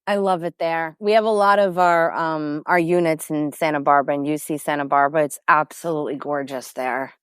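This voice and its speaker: A woman's voice: deep voice, a little fast, few pauses, smooth, no room sound, studio quality. A woman from Queens, chatting as a guest in an interview over a video call. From Queens, New York City. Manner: chatty, lively storyteller with fillers. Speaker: company executive guest. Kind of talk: casual interview chat.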